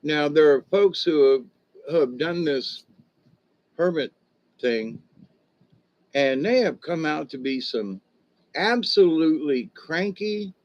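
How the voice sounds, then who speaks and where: An older man drawls slowly through a meandering spiritual talk, pausing on fillers and restarting his sentences. His speech is softened by missing teeth, and the stream audio sounds dull and lo-fi. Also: a little high, expressive. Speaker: spiritual teacher. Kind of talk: rambling livestream talk.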